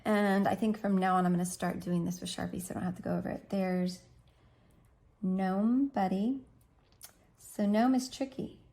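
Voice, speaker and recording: A woman's voice: mid-range voice, fairly even intonation, normal speed, dark tone. A woman in her thirties giving a chatty, encouraging step-by-step drawing lesson for kids, thinking aloud as she draws. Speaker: art teacher.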